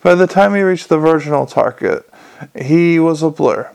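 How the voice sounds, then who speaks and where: Creaky-voiced man narrating an audiobook. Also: on the high side, moderate pace, a little mellow.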